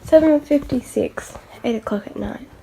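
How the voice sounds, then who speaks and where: A woman's voice: a little high, normal speed, gravelly. A woman vlogger giving casual running commentary at home, chatting to her baby dolls and laughing often. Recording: noisy home video recording.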